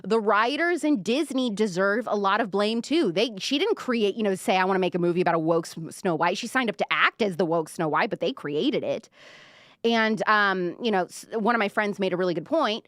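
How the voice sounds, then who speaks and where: A young woman hosts a pop-culture livestream, gossiping in a loose, chatty way and leaning on "like" as she goes. Her medium-pitched voice sits close and dry to the mic, with no room sound. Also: expressive, fairly quick, a bit bright, no room sound. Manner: chatty, gossipy, heavy use of "like", reads viewer comments aloud. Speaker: livestream show host.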